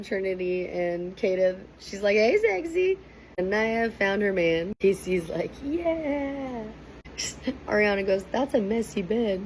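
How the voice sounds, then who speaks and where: A young woman casually recapping and reacting to a TV episode, chatty and animated, with a faint hiss behind her. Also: medium pitch, rough recording. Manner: chatty, animated, quotes people in raised voices. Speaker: reaction commentator.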